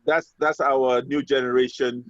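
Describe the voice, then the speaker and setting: A man's voice: medium pitch, flat delivery, measured pace, fairly bright tone, no room sound, highs cut off. A man hosting an online meeting in a conversational way, calling on people by name. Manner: conversational, calls on others by name. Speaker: meeting host.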